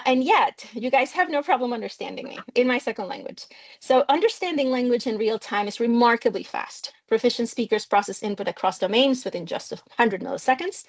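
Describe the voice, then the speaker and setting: Over a video call, a middle-aged linguistics researcher from Mexico, whose first language is Spanish and who speaks English as a second language, gives an academic seminar lecture. Her voice is on the high side, and she explains clearly and engagingly, often drawing on personal stories.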